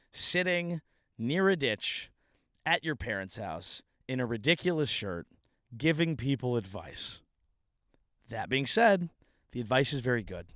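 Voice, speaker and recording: Male comedian host, mid-pitched voice, loose profane storytelling that pokes fun at himself, dry close sound. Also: no room sound. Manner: rambling, profane, self-deprecating. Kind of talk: casual storytelling monologue. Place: outdoors by a ditch at a family home.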